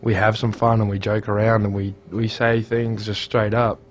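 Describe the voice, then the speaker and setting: Brief: Young Australian man, lowish voice, relaxed storyteller, faint room hiss. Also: normal speed. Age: young adult. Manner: relaxed, storytelling, careful articulation. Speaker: student guest. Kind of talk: casual interview chat.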